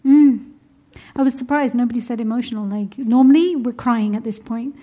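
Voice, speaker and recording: Young woman workshop teacher, high voice, upbeat and encouraging with a room of students. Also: normal speed. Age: young adult. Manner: lively, encouraging, laughs often. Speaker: womb health teacher. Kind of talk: workshop teaching to a live group. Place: room with a seated group.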